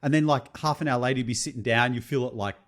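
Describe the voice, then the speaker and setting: A young man co-hosting a podcast, telling a story in an animated, profane, casual way. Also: mid-range voice, fast, slight background noise. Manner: animated, swears freely, tells stories. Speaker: podcast co-host.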